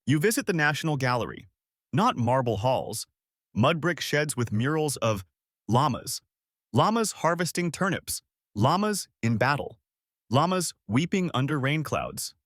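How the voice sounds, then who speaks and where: A man giving deadpan scripted narration in short, clipped sentences. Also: medium pitch, no echo, clean studio sound.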